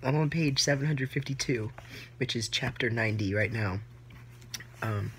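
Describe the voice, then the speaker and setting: A woman's voice: very deep voice, normal speed, long pauses, fairly bright tone, a little hiss or hum. A woman book vlogger reacting live to her reading, emotional and gushing, close to tears and full of "like" fillers.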